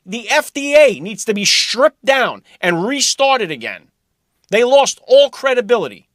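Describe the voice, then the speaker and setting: A man's voice: sits high, fairly bright tone, no echo, clean studio sound. A man hosting a talk show, delivering an opinionated monologue in a blunt, emphatic and sarcastic way. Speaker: host.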